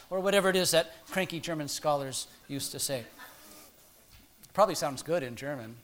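A middle-aged man preaches in a loose, conversational manner. His voice sits fairly high for a man, and he often stumbles over restarts and fillers. He keeps a playful, teasing tone with his listeners. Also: a little fast, a bit bright. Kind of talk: sermon.

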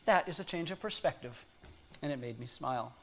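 A man's voice: on the high side, lively intonation, fairly quick, gravelly. A middle-aged man preaching a sermon in a conversational, playful way, with frequent ums and restarts.

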